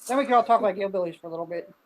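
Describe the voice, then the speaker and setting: A woman's voice: mid-range voice, rapid-fire, a little mellow, slight background noise. A woman from Arkansas hosting a casual group video call, chatty and laughing, talking with many fillers while sick with covid. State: ill with covid. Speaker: host.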